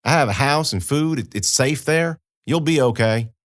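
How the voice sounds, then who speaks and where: Audiobook role: a plainspoken, kind young farm woman with a folksy drawl, voiced by a man lifting his pitch, dry studio sound. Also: moderate pace, no room sound, natural voice. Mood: coaxing.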